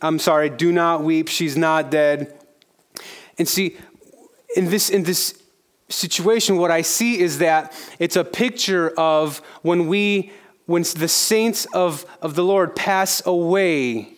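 A man preaching a sermon in a relaxed, conversational style. His voice sits somewhat high for a man, and he circles back on phrases to stress them. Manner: conversational, repeats phrases for emphasis. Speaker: pastor.

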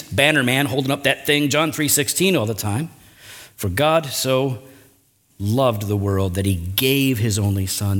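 A man preaching a sermon, earnest, with frequent rhetorical asides and big swings in pitch and loudness. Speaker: pastor.

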